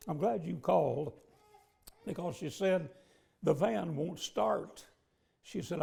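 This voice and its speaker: In a church sanctuary, a middle-aged preacher from the southern United States tells a long personal story as a sermon. His heavily gravelly, mellow voice is a little high for a man, and his folksy, conversational delivery pauses often.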